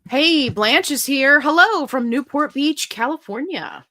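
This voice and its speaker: A woman's voice: high-pitched, unhurried. A middle-aged woman hosting a live stream, chatting casually as she reads viewer comments aloud and answers questions. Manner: chatty and animated, reads comments aloud, breaks into silly sung bits.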